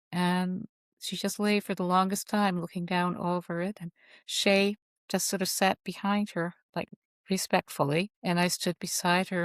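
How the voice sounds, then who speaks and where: A woman with a fairly low voice tells heartfelt stories in a casual interview, wandering from thought to thought and restarting sentences as she goes. The sound is dry and close, with no room around it. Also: smooth, no echo. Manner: rambling, heartfelt, halting restarts. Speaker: author guest. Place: at home.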